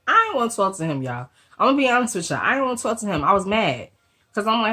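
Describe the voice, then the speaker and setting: Still recovering from a cold, a woman with a husky, low voice tells her viewers a story directly, storytime-vlog style. Her delivery is quick and loose, packed with slang and cursing, and she keeps things rolling with lively asides.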